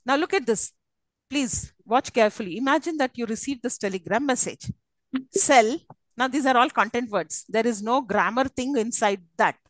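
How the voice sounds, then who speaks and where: Woman, English lecturer, classroom lecture, higher voice, dry close sound. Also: fairly quick, no room sound, rough recording. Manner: teacherly, checks understanding often.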